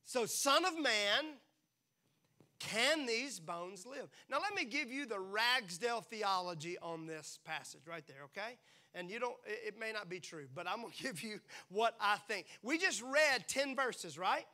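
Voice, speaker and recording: A man preaching a sermon to a congregation, playful and animated, acting out quick little voices as he talks. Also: sits high. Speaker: pastor. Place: church.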